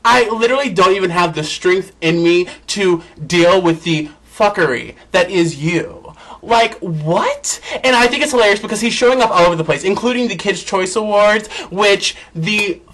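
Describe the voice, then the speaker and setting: A man dishes celebrity gossip on his vlog in a high, bright voice. He is sassy, campy and outspoken. His pitch leaps up and drops low. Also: expressive, normal speed, low-quality recording. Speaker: vlog host.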